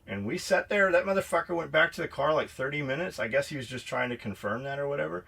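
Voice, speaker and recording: A man's voice: on the high side, lively intonation, quick pace, gravelly, fairly bright tone, breathy edge. A man from Southern California, a podcast co-host, telling a profane, rambling story and acting out the dialogue. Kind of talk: casual storytelling.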